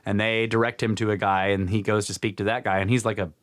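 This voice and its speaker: Man, low voice, podcast co-host, casual storytelling, animated quoting, frequent laughs. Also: fast talker. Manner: animated retelling, acts out quotes with pitch jumps, laughs often. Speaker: podcast co-host retelling a book.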